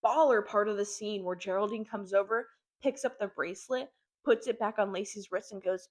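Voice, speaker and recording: A woman's voice: mid-range voice, brisk. A young woman casually recapping a horror novel, full of slang and "like" fillers, acting out the characters' lines as she goes. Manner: slangy, filler-heavy storytelling with lots of "like"; animated, acts out characters' lines. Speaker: book reviewer.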